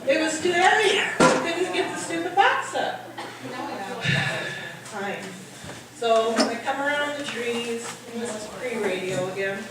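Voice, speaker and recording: A middle-aged woman telling a funny farm story live at a party, acting out the men's shouting. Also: unhurried. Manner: animated, acts out the men's shouting in a higher voice. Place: hall at a holiday party. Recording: echoey hall, mic at a distance, audience noise.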